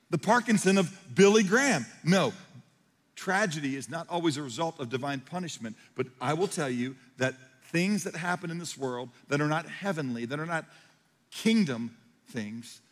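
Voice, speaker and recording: A man preaching a sermon as pastor, swinging from hushed lines to loud, emphatic ones. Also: a little high. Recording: hall reverb.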